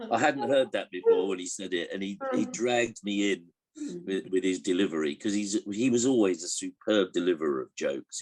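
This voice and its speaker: Older man, low husky voice, rambling anecdotal interview answers. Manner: hesitant, many restarts, chuckles while telling jokes. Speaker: interviewee recalling a comedian.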